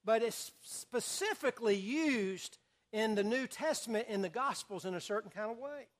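High-voiced man teaching a Bible class. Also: lively intonation, moderate pace. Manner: asks the audience questions and reads scripture aloud. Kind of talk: sermon-style Bible study.

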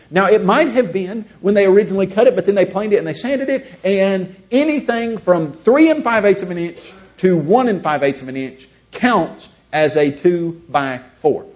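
A man's voice: sits high, expressive, moderate pace, few pauses, a little mellow. A man giving a conversational teaching lecture, asking his listeners rhetorical questions. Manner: asks the audience rhetorical questions. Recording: dull lo-fi recording.

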